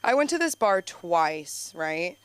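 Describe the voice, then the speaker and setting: A young woman rambles through a stand-up set into a handheld mic on a small club stage. Her voice is smooth and clear, and she keeps giggling, restarting and saying "like" as she talks. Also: lowish voice, sing-song, slow, no echo. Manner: chatty, giggly, full of "like" and restarts. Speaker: stand-up comic at an open mic.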